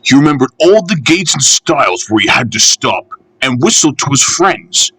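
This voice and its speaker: A man reading a children's railway storybook aloud in an expressive, measured way. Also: mid-range voice, husky, dry recording.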